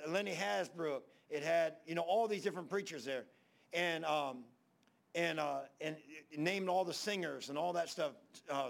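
A man's voice: a little high, vocal fry. A male pastor telling stories in a folksy, rambling sermon, acting out the people he quotes. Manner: folksy, rambling Southern preacher talk with quoted dialogue. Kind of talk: storytelling sermon.

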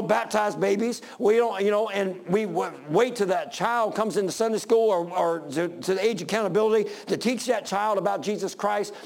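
A middle-aged male pastor preaching a sermon to his congregation, impassioned and repetitive, building up to shouting. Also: high voice, vocal fry. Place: church sanctuary with congregation.

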